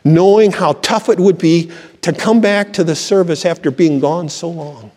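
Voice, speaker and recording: A man's voice: on the high side, normal speed, dark tone, big-room sound. An older man, a pastor, preaching a sermon with fervent praise and storytelling, recorded in a church.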